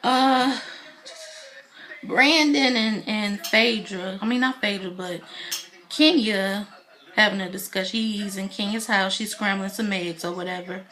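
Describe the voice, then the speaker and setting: A woman's voice: medium pitch, measured pace, sharp tone. Chatty woman recapping a TV episode. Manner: chatty, retells scenes, frequent "you know" fillers. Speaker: TV reality show reviewer. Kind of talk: casual episode recap vlog.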